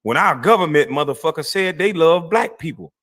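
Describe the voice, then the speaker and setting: A man delivers a heated livestream rant. His voice sits a bit high and swings widely in pitch. The tone is bright and forceful, and he is profane and mocking throughout. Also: lively intonation, a little fast. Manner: laughs scornfully between lines.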